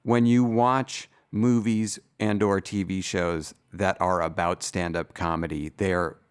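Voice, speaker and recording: A man's voice: low voice, level tone, takes it slowly, clear, resonant tone. A man hosting a comedy podcast, chatting casually and enthusiastically with a rambling, swearing manner. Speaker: podcast host.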